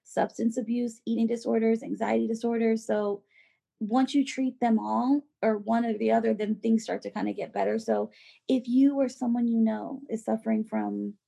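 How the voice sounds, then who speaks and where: A woman co-hosting a podcast in casual chat, animated and filler-heavy, acting out quoted voices. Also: a little high, moderate pace, gravelly, husky. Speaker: podcast co-host.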